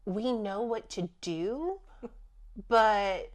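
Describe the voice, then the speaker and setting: Animated woman healer in casual chat. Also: mid-range voice, very slow. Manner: animated, acts out her own inner voice with laughs. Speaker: spiritual healer. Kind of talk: casual podcast conversation.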